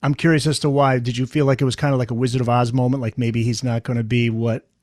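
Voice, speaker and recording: A man's voice: mid-range voice, little pitch movement, fast, darkish tone, no echo. Male podcast host, dry close sound. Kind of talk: interview questions.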